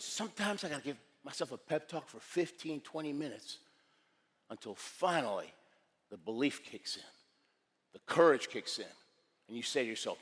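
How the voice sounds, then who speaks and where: A man in his sixties delivering a motivational keynote with punchy, dramatic storytelling. His voice sits a little high for a man, and it rings with a long reverb from a large hall. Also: animated, normal speed, breathy edge.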